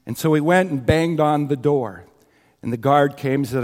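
A man's voice: fairly high pitch, normal speed, darkish tone. A man preaching a sermon, earnestly retelling a story with quoted scripture and asides to the congregation. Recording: long hall reverb.

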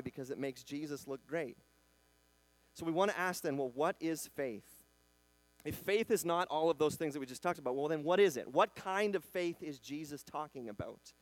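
A man preaching a sermon in a conversational style, acting out quotes and swinging between loud bursts and quiet emphasis. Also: a little high, no echo. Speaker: pastor.

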